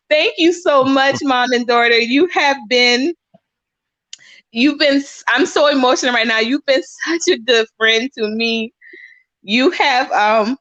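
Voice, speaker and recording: A woman's voice: sits high, lively intonation, unhurried, a bit bright, no room sound, dull audio. A woman hosting a casual livestream chat, talking freely and repeating phrases as she goes. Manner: chatty, repeats phrases, says y'all. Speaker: livestream host.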